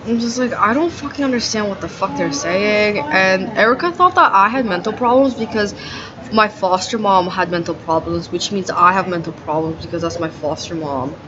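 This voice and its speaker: A woman with a mid-range voice speaking at normal speed uses her video diary to rant, profanely airing grievances and repeating "like" again and again. The recording is dull and lo-fi with a noisy background.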